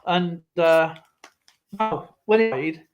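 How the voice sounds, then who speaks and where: A man's voice: on the high side, slow pace, lo-fi sound, music in the background. A man hosting a live stream, telling a rambling story and acting out what other people said, with laughs along the way. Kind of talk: casual storytelling chat.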